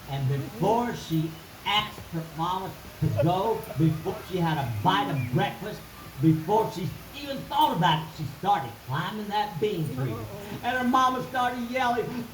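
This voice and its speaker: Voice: medium pitch, expressive, moderate pace, reverberant, a little hiss or hum, rough recording. A storyteller telling a folk tale in a live skit, in a folksy, sing-song way with chanted refrains.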